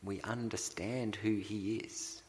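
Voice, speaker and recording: Male pastor, low gravelly voice, unhurried sermon delivery, reverberant church sound. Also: steady tone, a little mellow, slight background noise. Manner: slow, deliberate preaching with dramatic pauses.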